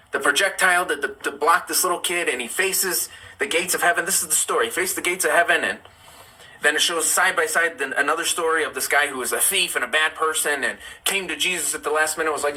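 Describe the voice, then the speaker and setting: A man's voice: fairly high pitch, sharp tone, low-quality recording. A young man hosting a live stream, chatting casually and telling personal stories with candid asides. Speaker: livestream host. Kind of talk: casual live chat and storytelling.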